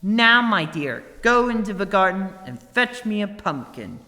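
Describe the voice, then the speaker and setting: A man voicing an elderly fairy godmother, kindly and croaking, in a storybook reading. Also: high-pitched, sing-song, measured pace, sharp tone, in a large hall, pitched above the performer's own voice, full character voice. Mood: commanding.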